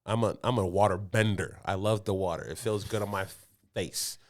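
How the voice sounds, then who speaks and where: A man's voice: on the low side, fairly even intonation, normal speed. A man, co-hosting a podcast and telling a rambling story with frequent laughs. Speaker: podcast co-host. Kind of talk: casual chat. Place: podcast studio.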